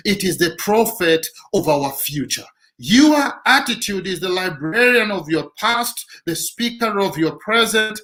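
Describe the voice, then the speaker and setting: A man's voice: high voice, fairly bright tone, rough recording. A man giving a motivational talk who repeats his key lines for emphasis. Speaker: motivational speaker.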